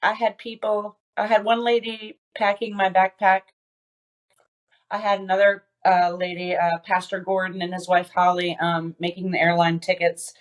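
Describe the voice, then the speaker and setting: A woman being interviewed on a podcast, telling a personal story with many pauses, fillers and restarts. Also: lowish voice, flat delivery, highs cut off. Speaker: podcast guest.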